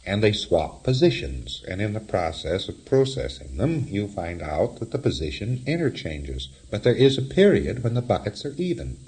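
A man's voice: on the low side, sing-song, moderate pace, few pauses, darkish tone. A man lecturing in a wry, explanatory way, often chuckling at his own examples. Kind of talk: recorded lecture.

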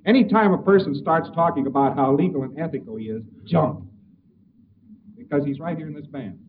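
A man's voice: on the high side, a little fast. A man giving a conversational lecture with hesitations and acted examples, recorded on an old tape. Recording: old tinny distant tape with hiss.

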